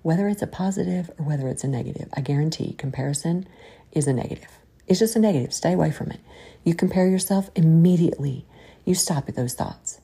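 A woman's voice: sits low, quick pace, vocal fry, warm tone, husky. A woman with a Southern drawl hosting a podcast, giving folksy, preachy faith-based encouragement. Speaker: podcast host.

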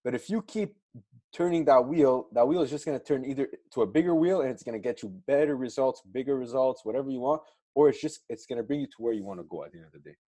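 A man's voice: medium pitch, animated, quick pace, dark tone. A man in casual podcast chat, earnestly telling a weight-loss story and giving motivational advice.

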